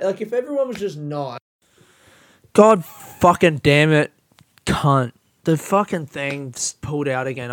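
A man hosting a solo podcast, ranting with lots of swearing and self-mockery, swinging from low mumbles to loud yelling. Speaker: podcast host.

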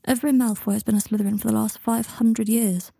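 A woman's voice: fairly high pitch, fairly even intonation, creaky, mellow, husky, dry recording, clean studio sound. A woman voicing an awkward, flustered young wizard man who speaks hesitantly. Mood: soft. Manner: hesitant, halting.

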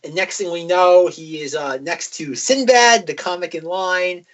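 A man's voice: high voice, measured pace, a bit bright, lo-fi sound. A man co-hosting a podcast, recapping a film casually with lots of fillers. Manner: rambling, filler-heavy storytelling. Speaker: podcast co-host.

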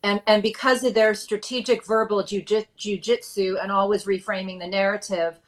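A woman's voice: medium pitch, flat delivery, moderate pace. A woman hosting a casual political podcast, chatty and emphatic, steering the conversation between segments. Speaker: podcast host.

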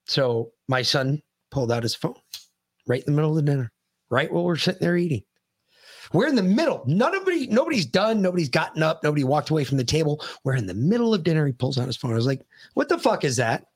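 A man's voice: on the high side, expressive, fast, slightly rough. An American man co-hosting a podcast, telling a story in heated, profane, ranting bursts. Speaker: podcast co-host. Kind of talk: casual chat.

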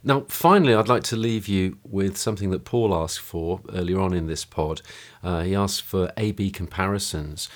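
Speaking at normal speed with few pauses, a low-voiced male podcast host wraps up with casual chat in his home studio room. He sounds hesitant and informal, leaning on fillers and often restarting.

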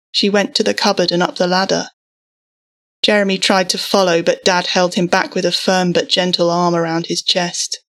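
A woman narrating a story aloud in an even, measured reading voice. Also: fairly low pitch.

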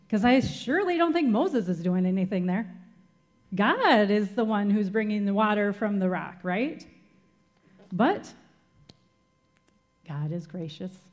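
A woman's voice: mid-range voice, animated, a little slow, long pauses, a little mellow. A woman giving a sermon as a Bible teacher, retelling scripture dramatically and asking the listeners rhetorical questions.

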